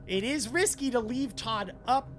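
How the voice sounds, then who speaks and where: A woman narrating a tabletop role-playing game as game master, animated and full of fillers. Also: on the high side, normal speed, faint music behind.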